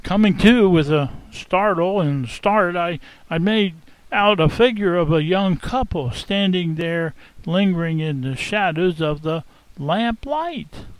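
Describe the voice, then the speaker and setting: A man telling a first-person dramatic monologue as an innkeeper, theatrical and expressive, savoring the tale. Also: sits high, slow pace, dry recording, rough recording. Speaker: storyteller.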